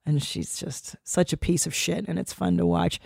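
A woman's voice: fairly low pitch, steady tone, moderate pace, vocal fry, a little mellow, husky, dry recording, studio quality. A woman in her forties hosting a podcast, rambling and swearing freely, with sighs and restarts, a little stuffy from cold medicine. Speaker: podcast host. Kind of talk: casual chat.

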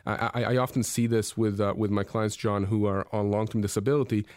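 Low-voiced guy giving radio advice super fast, dry studio sound. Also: fairly even intonation, darkish tone, dry recording. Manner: fast, reassuring, repeats words. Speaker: guest expert.

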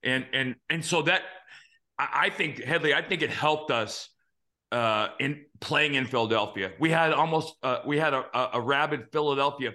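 A man in his fifties with a bright, forceful voice hosts a casual talk show. He tells his stories earnestly and with animation, with the odd curse thrown in. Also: medium pitch, moderate pace. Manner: earnest, animated storyteller who swears now and then. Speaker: podcast host. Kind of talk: casual storytelling chat.

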